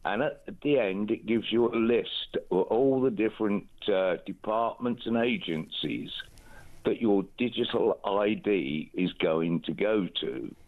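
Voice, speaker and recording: Measured male phone-in caller, low voice, tinny phone line. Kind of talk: phone-in call.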